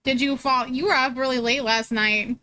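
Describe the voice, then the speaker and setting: A woman's voice: sits high, steady tone, normal speed, bright, forceful tone. A young woman streaming, chatting casually with her viewers and laughing often as she reads chat aloud.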